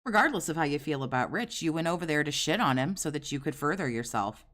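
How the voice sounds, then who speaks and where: Woman in her forties, low deep voice, sneering sarcastic commentary, crude. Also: lively intonation, fast, fairly bright tone. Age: 40s. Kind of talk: mocking commentary over clips.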